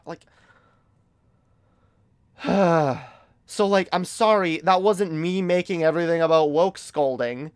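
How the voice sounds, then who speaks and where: Guy on a stream going off, kinda high voice, smooth and dry, swears a lot. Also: slow, pauses often, no room sound. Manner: emphatic, profane, repeats words when worked up. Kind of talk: casual commentary rant.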